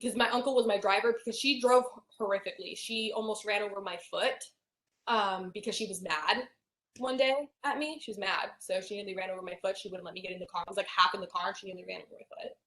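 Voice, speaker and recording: Young woman, halting, in a roomy echo. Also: mid-range voice, fairly even intonation, fairly bright tone. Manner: halting, many fillers and restarts. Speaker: hypnosis client. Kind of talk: emotional personal account.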